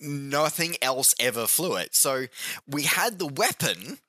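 A man co-hosting a podcast in relaxed chat, his voice bright and recorded dry and close. He tells stories eagerly and stumbles over repeated words when excited. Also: fairly high pitch, a little slow, no room sound. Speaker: podcast co-host. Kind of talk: casual chat.

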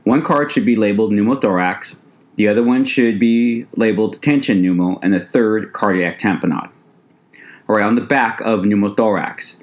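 An EMT instructor with a fairly low voice, speaking at normal speed, gives a recorded lecture to his students. He addresses the class conversationally, frequently saying "ladies and gentlemen," and occasionally stumbles and restarts a word.

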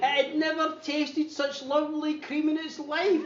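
A Scottish woman telling a comic horror story in an animated, dramatic way, often laughing. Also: high-pitched, normal speed. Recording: echoey distant dull recording, noisy.

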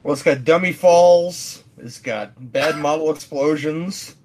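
A man's voice: on the high side, unhurried, a little mellow. A man enthusing about an action film on a podcast, chuckling and stammering as he talks. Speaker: podcast guest. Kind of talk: casual movie review chat.

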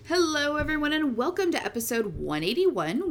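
Bright, lively woman podcast host. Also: high-pitched, normal speed, few pauses. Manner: giggly, chatty, self-deprecating. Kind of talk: casual chat.

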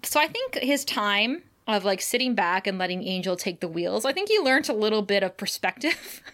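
A woman co-hosting a casual podcast, recapping a TV episode in lively, laugh-filled chat and swearing casually. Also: mid-range voice, moderate pace. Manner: animated, laughs often, acts out quotes.

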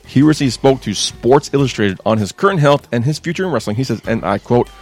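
A man's voice: mid-range voice, expressive, fast, hardly any pauses, darkish tone, faint music behind. A man co-hosting a casual podcast, reading wrestling news with wry, dismissive asides.

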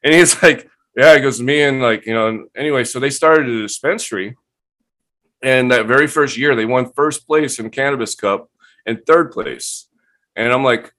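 Guy telling stories on a live stream, swears a lot, does everyone's lines, mid-pitched voice. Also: normal speed. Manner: profane, animated, acts out quotes. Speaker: guest cannabis breeder. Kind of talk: casual storytelling.

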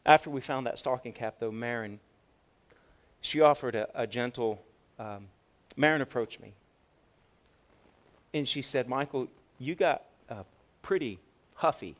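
Animated male pastor telling a story. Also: mid-range voice. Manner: storytelling, animated with swings from loud to soft; repeats words when restarting. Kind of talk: sermon.

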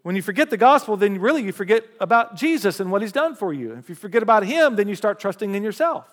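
A man preaching a sermon, reading scripture aloud with rising emphasis and lively call-and-response asides to the congregation. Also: sits high, quick pace. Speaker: pastor. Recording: long hall reverb.

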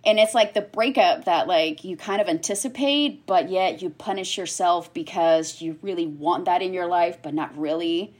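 A woman in her thirties with a slightly low-pitched voice chats on a casual podcast. She tells her stories in an animated way, laughing often and acting out what people said. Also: normal speed, few pauses. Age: 30s. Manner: animated storyteller, laughs often, acts out quotes. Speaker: guest, cancer survivor.

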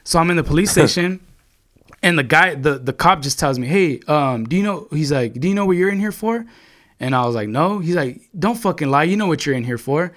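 A man's voice: on the high side, animated, fairly quick, fairly bright tone. A young man telling a long story to his friends in casual chat, rambling and swearing, with lots of filler words.

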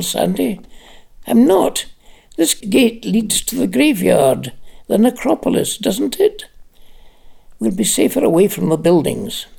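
A reader voicing an excitable, giddy old man who rambles eagerly, as an audiobook character. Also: mid-range voice, gravelly, slightly rough, voice pushed up, exaggerated voice. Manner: eager, chatty, a bit childlike.

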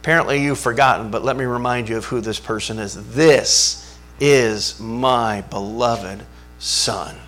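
A preacher lowering his voice into a stern, commanding divine father figure. The tone is solemn and hushed, and every word lands as a rebuke. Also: a little slow, natural voice.

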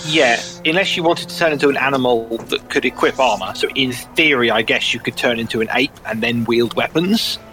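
A man's voice: medium pitch, fairly quick, hardly any pauses, bright, forceful tone, soft background music, poor audio. A man explaining rules casually as a player in a tabletop role-playing game, with a hedging, explanatory manner.

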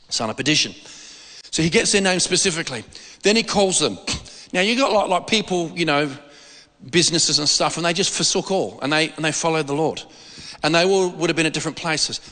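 A man preaching a sermon in an animated, rambling way, acting out the voices of people he quotes. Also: fairly high pitch. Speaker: pastor. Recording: preached in a large echoing hall.

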